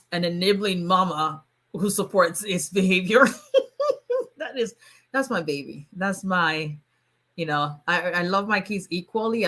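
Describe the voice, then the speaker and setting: A middle-aged woman from Nigeria, an immigration lawyer chatting casually on a live stream, fast-talking and animated and laughing often. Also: lowish voice.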